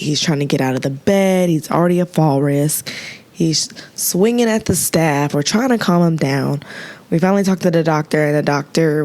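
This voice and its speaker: A young woman, a nurse, telling a story in a casual, animated way, laughing and acting out the people in it. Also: low-pitched. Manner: animated, laughing, quotes people in lively voices. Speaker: nurse and podcast host.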